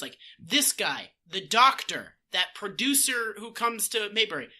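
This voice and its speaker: A man co-hosting a podcast in casual chat, animated and swearing, slipping into mock voices. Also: high voice, normal speed, hardly any pauses, slightly rough. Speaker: podcast co-host.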